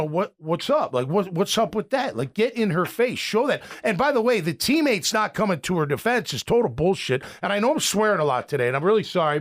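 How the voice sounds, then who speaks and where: High-voiced opinionated male sports host. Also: fairly bright tone. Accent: American. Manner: rambling, opinionated, frequent restarts. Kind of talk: casual sports talk.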